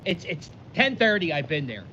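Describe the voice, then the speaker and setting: A man tells a rambling, self-interrupting story, fairly high-pitched and very animated. He is recorded outdoors on a lo-fi mic that sounds dull. Clear wind and boat noise sits behind him. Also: normal speed. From Philadelphia. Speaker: vlogger. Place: outdoors by the water, windy.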